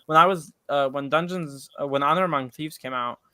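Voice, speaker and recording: Young man, smooth crisp voice, dry sound, hesitant casual talk. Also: a little high, brisk, pushed and bright, dry recording. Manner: hesitant, filler-heavy. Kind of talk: casual chat.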